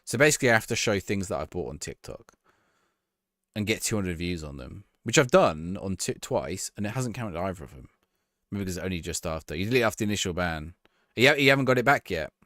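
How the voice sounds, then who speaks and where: A man's voice: deep voice, expressive, brisk, fairly bright tone, no room sound, clean studio sound. A man chatting casually to his viewers on a live stream, laughing and reacting to a match as he talks. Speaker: livestreamer.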